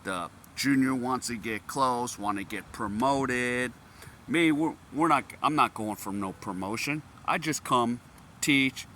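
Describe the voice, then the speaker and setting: A man's voice: mid-range voice, a little slow, bright, forceful tone, slight background noise. A man from the United States talking in a casual vlog, who laughs often and breaks into amused exclamations.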